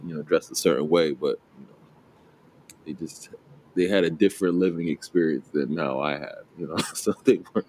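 This podcast co-host, a New Jersey man in his late twenties, has a very deep, slightly mellow voice and talks at normal speed. His casual chat is rambling, full of fillers and restarts, and punctuated by frequent laughter. The low-quality recording carries a little hiss or hum.

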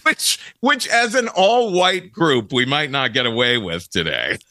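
Bright-voiced animated middle-aged man. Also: medium pitch, a little slow, no echo, studio quality. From Cincinnati, Ohio, USA. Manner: animated storyteller, laughs often. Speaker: guest. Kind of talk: casual interview conversation.

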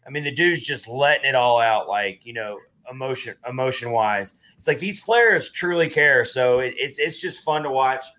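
Bright-voiced man hosting a podcast. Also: medium pitch, moderate pace, few pauses. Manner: animated, rambling with restarts. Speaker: podcast host. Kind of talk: casual chat.

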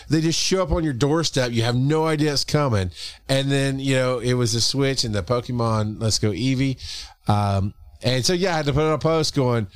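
A man's voice: mid-range voice, fairly quick, clear, resonant tone, dry recording. A man co-hosting a casual podcast, reading listener comments with playful mock indignation. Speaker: podcast co-host.

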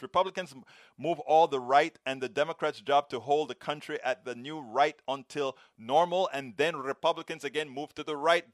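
A middle-aged Panamanian man with a Panamanian Spanish accent hosts a live stream, reading viewer comments aloud and rolling his R's in a lively, expressive way. His voice is medium-pitched, captured in clean studio sound without echo.

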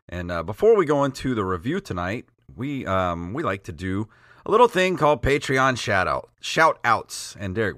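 A man's voice: lowish voice, a bit bright, no room sound, studio quality. A man hosting a gaming podcast, chatting in a laid-back way with lots of fillers. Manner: laid-back, filler-heavy, drops into quick impressions. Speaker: podcast host. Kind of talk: casual chat about games and movies.

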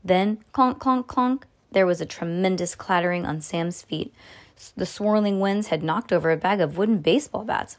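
A woman reading a children's adventure book aloud at home, with lively, expressive reading and occasional stumbles she corrects herself. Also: normal speed. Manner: expressive read-aloud with pitch jumps for dialogue; casual asides about the book. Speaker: reader.

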